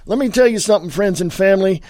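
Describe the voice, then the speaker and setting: A man's voice: high voice, animated, quick pace, no echo, studio quality. A man from California hosting a political talk radio show, ranting angrily and swearing. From California, USA. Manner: angry, shouting, profane.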